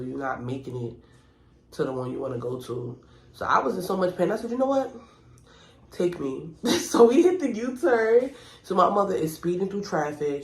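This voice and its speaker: A woman with a New York accent telling a long personal story in a casual, profane, animated way, breaking into laughs as she goes. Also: very deep voice, slight background noise. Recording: roomy echo.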